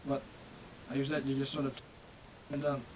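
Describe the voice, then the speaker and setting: A man's voice: medium pitch, monotone, normal speed, darkish tone, a little hiss or hum, rough recording. Swearing man with a slight speech impediment. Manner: profane, rambling, self-deprecating. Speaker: Minecraft server staff streamer. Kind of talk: casual live-stream rant. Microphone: webcam microphone.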